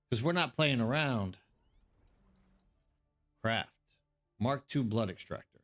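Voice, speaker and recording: A man's voice: mid-range voice, expressive, slow pace, pauses often, fairly bright tone, faint music behind. A man streaming a game live, chatting casually and rambling to his viewers, calling them by name.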